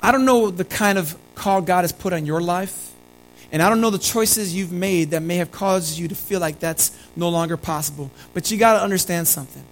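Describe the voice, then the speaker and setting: High-voiced man preaching a sermon. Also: fairly quick, slight background noise, low-quality recording. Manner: earnest, repeats key phrases, calls listeners family. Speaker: pastor.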